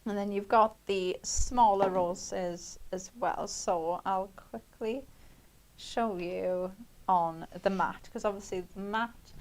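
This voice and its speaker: A woman's voice: medium pitch, fairly even intonation, slow pace. A young woman presenting a live craft demonstration on shopping TV. She talks in a chatty, rambling way and laughs often.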